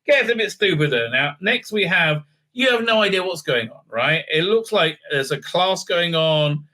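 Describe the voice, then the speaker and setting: A man with a high, bright, forward voice hosts a casual show recap. He rambles through the story with a steady stream of fillers and sarcastic asides. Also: moderate pace. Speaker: show host reviewing TV episodes.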